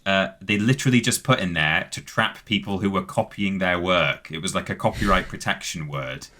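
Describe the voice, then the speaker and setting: A British man with a very low, deep voice and a bright, forceful edge explains facts at length on a podcast. He talks casually, full of "um"s, and spells out words letter by letter as he goes. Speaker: podcast co-host. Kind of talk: casual chat, reading out facts.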